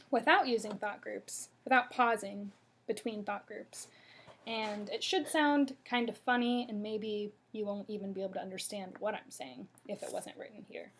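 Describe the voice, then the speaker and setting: A woman teaching a pronunciation lesson to a class, speaking deliberately and demonstrating rises and falls in her voice. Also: on the high side, a little hiss or hum. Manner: slow, deliberate, demonstrating intonation.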